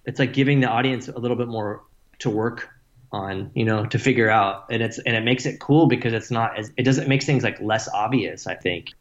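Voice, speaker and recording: A man's voice: mid-range voice, fairly quick, echoey room, muffled recording. A man talking casually in an interview, rambling and swearing, with many fillers like "like" and "you know". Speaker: musician guest.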